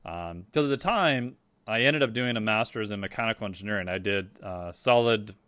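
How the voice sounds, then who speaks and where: A man's voice: fairly low pitch, fairly quick, a bit bright, clean tone, dry recording. A man, a podcast guest, telling loose, profane stories in a casual interview.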